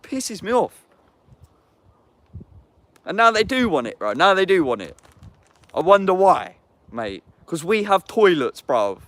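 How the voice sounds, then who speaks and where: A man's voice: high voice, sing-song, measured pace, pauses often, fairly bright tone, no room sound. A young man with an English accent, delivering an angry, profane monologue to camera. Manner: angry, profane, heavy use of slang address.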